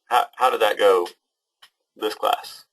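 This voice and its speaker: A man's voice: on the low side, slow, gravelly, a bit bright, poor audio. A young man teaching an online class to students, talking casually and hesitantly with many ums and restarts. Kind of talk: casual webinar talk to students.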